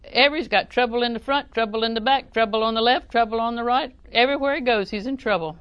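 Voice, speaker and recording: A middle-aged woman preaching a sermon in a folksy, humorous way, often chuckling and breaking into loud acted exclamations. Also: a little high, fast talker, no room sound, lo-fi sound.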